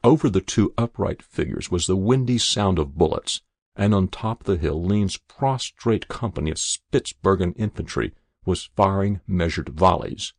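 A man narrating a short story in a slow, measured reading. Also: low-pitched, animated, breathy edge, dry recording, clean studio sound.

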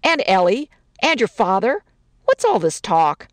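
A folksy young newlywed husband, done by a woman, who fumbles for words while trying to smooth things over. His voice bounces around a lot. The sound is dry and close. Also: medium pitch, very animated, a little slow, no echo. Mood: placating. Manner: soothing, fumbling, folksy slang. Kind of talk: dramatic story reading.

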